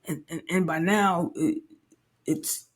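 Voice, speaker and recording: Her voice is lowish with a breathy edge, and she speaks slowly. She's a podcast host in her late forties sharing a personal story in a candid, reflective manner that repeatedly stops and restarts.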